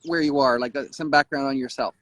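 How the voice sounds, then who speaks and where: Casual host asking questions on a call. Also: male voice, medium pitch, fairly even intonation, quick pace, a bit bright, no echo. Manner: casual, filler-heavy questions. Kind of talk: video-call interview. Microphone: video call.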